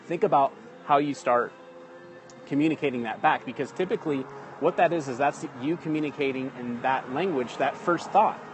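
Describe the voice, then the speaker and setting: A man's voice: medium pitch, moderate pace, faint music behind. A man hosting a casual live-streamed lesson from his phone outdoors. He talks in a chatty way, keeps checking in with "okay?" and greets viewers mid-talk. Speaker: livestream host teaching communication basics. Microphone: phone livestream.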